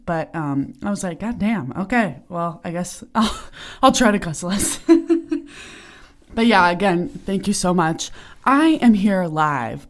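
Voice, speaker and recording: A woman's voice: medium pitch, a little mellow. A young woman hosting her own podcast in casual, bubbly chat full of fillers and giggles, recorded in a small sauna. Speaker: podcast host. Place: small turned-off home sauna. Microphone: podcasting equipment while lying on her stomach.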